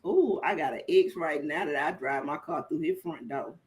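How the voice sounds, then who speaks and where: A woman comedian in casual podcast chat, blunt and profane, bursting into loud laughing exclamations. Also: sits low, moderate pace, a little hiss or hum. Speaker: comedian guest.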